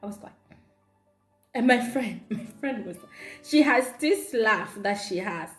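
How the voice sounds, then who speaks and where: A woman with a Zambian accent telling a storytime vlog, animated and laughing often as she talks. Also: a little high, unhurried. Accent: Zambian English. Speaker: vlogger. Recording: roomy echo with faint background music.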